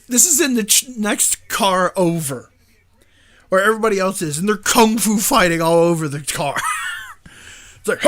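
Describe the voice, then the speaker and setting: A man with a high voice that leaps all over the place retells a movie plot as host of a live stream. He rambles, restarts and laughs often as he goes. The sound is dry and close. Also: a bit bright, dry recording. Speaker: show host.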